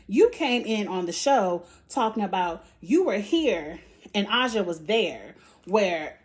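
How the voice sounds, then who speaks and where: Sassy, profane woman reviewing a show. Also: fairly high pitch. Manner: sassy, blunt and profane, with lots of slang; animated, acting out quotes from the show. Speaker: show reviewer and channel host. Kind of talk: casual recap commentary.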